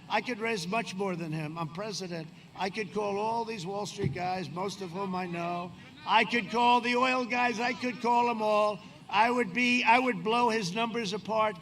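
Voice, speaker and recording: A man's voice: high-pitched, sharp tone. A man in his seventies giving a boastful, rambling campaign speech with sarcastic asides at a windy outdoor rally. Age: 70s. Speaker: politician addressing a rally.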